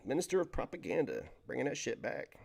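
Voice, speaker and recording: Man, stream host, loose joking banter, repeats and restarts words, middle pitch. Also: very animated, fast, creaky, a little mellow, slightly rough. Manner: rambling, joking, stumbles over words. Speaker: livestream host reading chat. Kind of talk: casual livestream chat.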